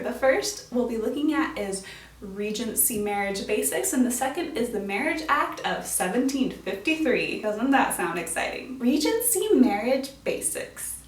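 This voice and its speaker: A woman's voice: a little high, distant mic. Bubbly woman hosting a literature show. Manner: bubbly and playful, casual slang. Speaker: host of a literature explainer show. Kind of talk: upbeat educational vlog talk. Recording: roomy sound, voice off-mic.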